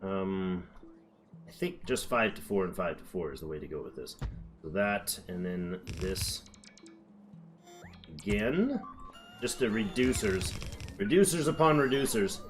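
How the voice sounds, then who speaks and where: A man's voice: low voice, expressive, unhurried, pauses often, soft background music. A man giving casual gameplay commentary, chatty and thinking aloud as he builds, now and then slipping into playful accents. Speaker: gameplay streamer.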